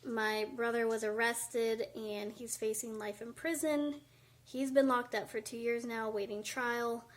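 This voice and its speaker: A woman's voice: fairly high pitch, steady tone, a little slow. Chatty woman, slightly breathless. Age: 20s. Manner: chatty, candid, many fillers. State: a little out of breath. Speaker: vlogger. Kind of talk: casual talking-head vlog. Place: indoors by a window at home.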